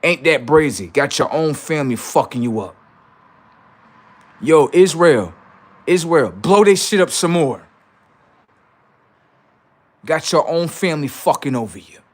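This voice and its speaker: Man on a livestream, profane rant, taunting and heated, slightly higher voice with big swings in pitch. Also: animated, a little slow, pauses often. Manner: heated, taunting, swings between loud jeers and low asides. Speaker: livestream host.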